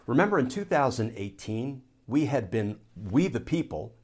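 A man, a former Army lawyer, giving a political commentary monologue in a measured, explanatory courtroom style. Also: medium pitch, very animated, a little mellow.

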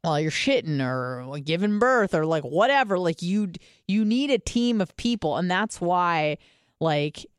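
A young woman from the States chats candidly on a podcast, dropping swear words and fillers as she goes. Her voice is smooth and clear, recorded close with no room sound. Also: lowish voice, lively intonation, a little slow, dry recording. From United States. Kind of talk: casual podcast chat.

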